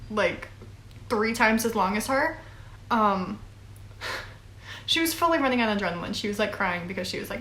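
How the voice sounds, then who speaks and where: A woman's voice: medium pitch, expressive, normal speed, pauses often, a bit bright, a little hiss or hum. A young woman in her twenties telling a long story casually, rambling with fillers and little laughs. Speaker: vlogger. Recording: echoey room.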